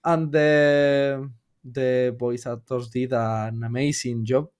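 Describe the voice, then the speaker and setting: A man from Spain with a Spanish accent, a non-native speaker chatting as a podcast guest, pausing and searching for words. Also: mid-range voice, steady tone, a little mellow, smooth. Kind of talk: casual podcast chat.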